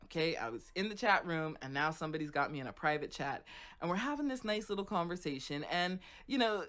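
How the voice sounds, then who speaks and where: Animated woman host, low voice. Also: a little fast. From Florida. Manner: animated, conversational, frequent "right?" and "okay?". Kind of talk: casual storytelling monologue.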